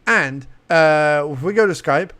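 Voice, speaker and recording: A man's voice: a little high, lively intonation, a little slow, fairly bright tone, clean tone. A young man hosting a casual screen-recorded tutorial, chatty and playful, talking to himself as he clicks through menus. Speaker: podcast host giving a tutorial.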